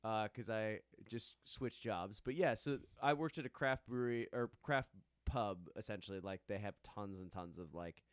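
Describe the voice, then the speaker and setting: Rambling young man, smooth dry voice. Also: fairly low pitch, normal speed, hardly any pauses, dry recording. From Wisconsin, US. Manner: rambling storyteller, quotes people in voices. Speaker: guest. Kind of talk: casual chat. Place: studio.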